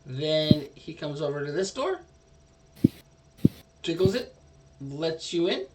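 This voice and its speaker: Slow, rambling game master. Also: male voice, on the high side, big pitch swings, far from the mic, background noise. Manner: rambling, hesitant narration. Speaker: dungeon master. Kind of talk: narrating a tabletop game.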